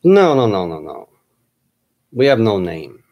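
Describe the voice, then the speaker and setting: A man quoting a stern, deep-voiced male agent on the phone, in a slow, flat, deliberate delivery. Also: highs cut off. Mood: calm.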